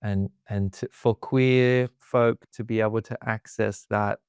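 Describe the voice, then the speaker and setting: Slow, smooth-voiced gentle man. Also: fairly low pitch, steady tone, dry recording, studio quality. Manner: gentle, reflective, affirming. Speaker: podcast co-host, therapist. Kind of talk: casual conversation.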